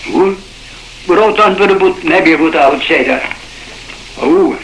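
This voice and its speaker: Old Shetland man reminiscing, bright voice. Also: fairly high pitch, normal speed, a little hiss or hum. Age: older. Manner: rambling dialect storytelling with restarts. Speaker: shipwreck survivor. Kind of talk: oral history reminiscence. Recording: roomy old cassette recording.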